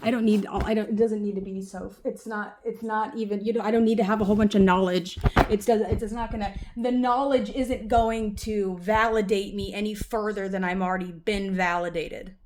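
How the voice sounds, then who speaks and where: A woman vlogger who reads a text aloud haltingly and breaks off into rambling, profane talk. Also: mid-range voice, steady tone, darkish tone, a little hiss or hum. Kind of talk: reading aloud and casual ranting.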